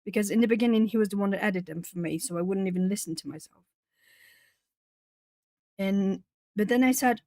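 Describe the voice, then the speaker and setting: A woman's voice: medium pitch, fairly quick, long pauses, warm tone, no echo. A woman from Brazil chatting casually on a live art stream, laughing often and answering viewers' comments as she colours. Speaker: artist streamer.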